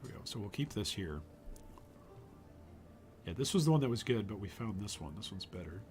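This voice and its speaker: Man streaming a game, voice going hoarse. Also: fairly low pitch, expressive, a little fast, a little mellow, faint music behind. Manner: thinking aloud, trailing off, frequent restarts. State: losing his voice. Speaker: gaming streamer. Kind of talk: casual live-stream commentary while playing.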